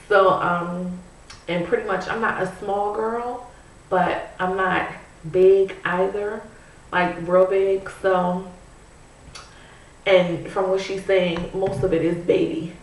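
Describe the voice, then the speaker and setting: A woman's voice: medium pitch, steady tone, takes it slowly, recorded from a distance. A pregnant woman chatting casually to her camera while she curls her hair, musing and leaning on "you know" and "I'm like.". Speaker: vlogger. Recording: echoey room, voice away from the mic, faint noise.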